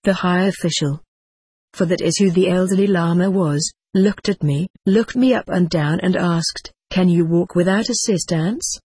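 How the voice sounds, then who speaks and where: A narrator reading a memoir aloud in a measured, even storytelling manner, voicing the quoted characters within the narration. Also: mid-range voice, breathy edge, no echo. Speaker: audiobook narrator.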